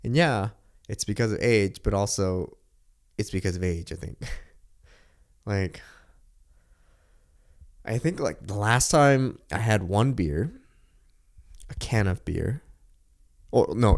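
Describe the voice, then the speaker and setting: A young man with a somewhat low voice talks in a loose, rambling way, full of filler words and quick laughs. He sounds like a podcast host chatting casually at home. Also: creaky, a little mellow. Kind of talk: casual chat.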